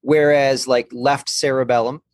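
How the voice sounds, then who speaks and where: A man's voice: medium pitch, flat delivery, a little slow, darkish tone. A man, a guest expert, giving a conversational explanation of balance and the brain, thoughtful, with many restarts.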